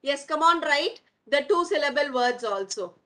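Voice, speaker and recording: A woman's voice: sits high, expressive, fairly bright tone, poor audio. A woman teaching young children online, repeating words for them and calling them "my dear children". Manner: calls pupils "my dear children", drills words slowly. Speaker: primary school English teacher.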